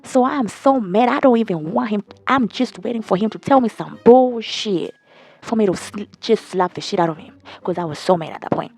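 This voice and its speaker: A young woman telling a storytime to her viewers in a blunt, profane, animated gossiping way. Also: medium pitch, brisk, creaky. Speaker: storytime vlogger. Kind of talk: casual storytime chat.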